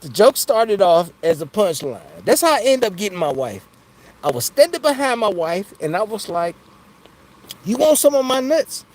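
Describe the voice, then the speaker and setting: A man's voice: sits high, very animated, normal speed, darkish tone, low-quality recording. A man hosting a casual livestream, chatting loosely with viewers and laughing often between jokes. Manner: loose and jokey, laughs often, keeps asking "you know what I'm saying". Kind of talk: casual live chat.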